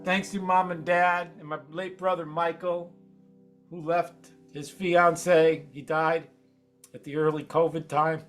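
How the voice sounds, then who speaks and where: High-voiced man, emotional and halting. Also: little pitch movement, a bit bright, soft background music. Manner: emotional, halting, rambling tribute. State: close to tears. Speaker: open mic feature performer. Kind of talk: spoken remarks between songs at a live open mic. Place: small venue stage.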